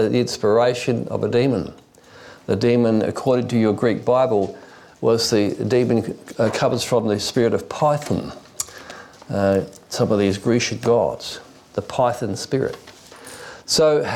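Male preacher, mid-pitched, digressive storyteller who often restarts and uses fillers. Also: darkish tone. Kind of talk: expository sermon.

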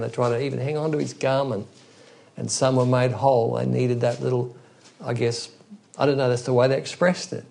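A man's voice: mid-range voice, vocal fry, a little mellow. A man preaching an expository Bible teaching in an earnest, emphatic way, often restarting his phrases.

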